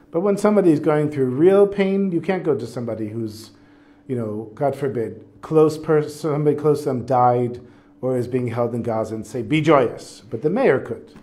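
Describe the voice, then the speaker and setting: A man teaching a class on a religious text, reading passages and translating them in a relaxed, conversational way. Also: medium pitch. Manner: casual, reads Hebrew passages then translates. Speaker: Torah teacher.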